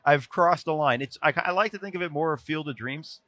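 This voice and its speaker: A man, a podcast guest, telling stories in a casual chat, animated and quick to restart his sentences. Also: on the high side, no room sound. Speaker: podcast guest, former NBA video coordinator. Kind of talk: casual storytelling.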